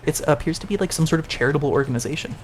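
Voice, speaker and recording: A man running a tabletop game as game master, narrating in a relaxed way with many fillers. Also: fairly high pitch, rapid-fire, slight background noise.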